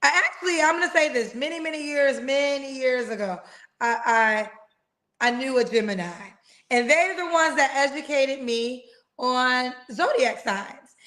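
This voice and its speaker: A high-pitched woman hosts a live dating stream, chatty and playful, calling guests "girl" and "child". She talks over a video call with the loose rhythm of casual conversation. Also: unhurried, fairly bright tone. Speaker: host of a live singles dating show.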